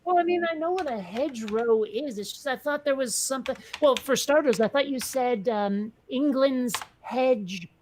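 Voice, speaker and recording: A woman's voice: sits high, a little fast, hardly any pauses, a little hiss or hum. A woman co-hosting a podcast in casual chat, blunt and wry, rambling through her thoughts. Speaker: podcast co-host.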